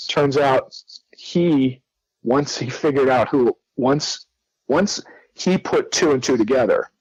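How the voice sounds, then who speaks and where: A man's voice: mid-range voice, slow pace, husky, no room sound, poor audio. A middle-aged man from New Jersey, a guest telling his story casually and acting out the dialogue with lots of restarts. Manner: animated, acts out quoted dialogue with many restarts.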